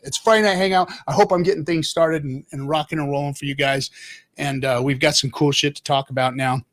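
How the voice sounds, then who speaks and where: Brief: profane male stream host, fairly high voice, heated rant then loose chat shout-outs. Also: fairly even intonation, a little fast. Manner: angry, profane ranting with swearing and restarts; loose, casual greetings to chat. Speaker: livestream host.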